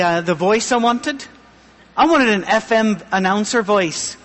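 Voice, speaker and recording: A middle-aged man pastor giving a humorous, self-deprecating sermon with a thin, high voice. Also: slow, fairly bright tone, long reverb tail.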